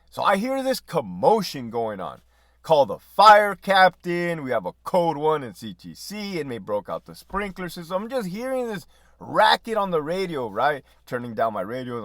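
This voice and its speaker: Profane, animated storyteller man. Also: a little high, no echo, studio quality. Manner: profane, animated storytelling with laughs and quoted dialogue. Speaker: podcast host, former prison officer. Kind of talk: casual storytelling.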